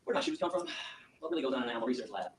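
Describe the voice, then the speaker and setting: A man from Michigan giving an impassioned speech to an audience and taking questions, telling his story in a fast, emphatic, animated way. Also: mid-range voice. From Michigan, USA. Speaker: activist lecturer. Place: lecture room with audience. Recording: echoey room, distant mic, faint hiss.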